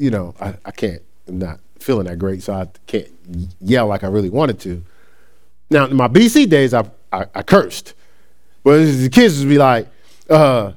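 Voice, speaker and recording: A man's voice: medium pitch, big pitch swings, moderate pace. A middle-aged man teaching a Bible study class in a conversational way, reading scripture and then explaining it with stories from his own life. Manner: restarts sentences and asks listeners "right?".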